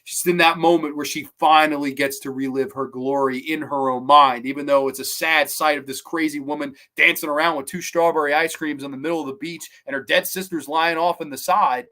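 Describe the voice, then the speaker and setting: A man's voice: a little high, fairly even intonation, a little fast, hardly any pauses, bright, forceful tone. A man hosting a show, giving a casual, enthusiastic, rambling film review. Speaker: podcast host.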